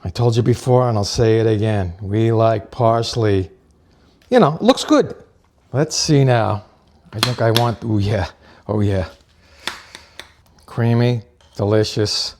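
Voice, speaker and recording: A man's voice: on the low side, unhurried, pauses often, darkish tone, a little hiss or hum. A man hosting a cooking show, talking viewers through a recipe in a chatty, joking way and calling them folks, with eager plugs for a sponsor. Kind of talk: casual cooking demonstration.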